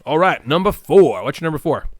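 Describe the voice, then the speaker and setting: A man's voice: a little high, sing-song, brisk, no room sound, clean studio sound. A man co-hosting a casual podcast, chatting playfully and laughing at himself while unsure of his words. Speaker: podcast co-host. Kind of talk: casual chat.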